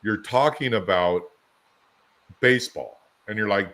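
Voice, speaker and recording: A man with a somewhat low voice co-hosting a podcast. He talks in a loose, rambling way, piling up anecdotes and everyday examples to make a point. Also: normal speed, a bit bright. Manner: rambling storyteller, chatty anecdotes. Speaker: podcast co-host. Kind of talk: casual conversational podcast.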